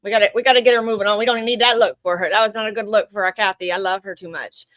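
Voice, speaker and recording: A woman's voice: medium pitch, fairly even intonation, very fast, fairly bright tone, no room sound. A woman streaming and chatting casually, who trips over words and corrects herself. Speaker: live streamer. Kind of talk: casual live commentary.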